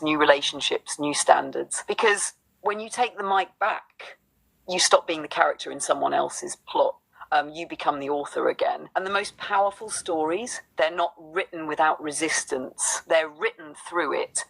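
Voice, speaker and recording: A woman's voice: low-pitched, gravelly, fairly bright tone, husky, low-quality recording. A woman co-hosting a spiritual talk, speaking in a rhythmic, affirming spoken-word cadence. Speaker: co-host.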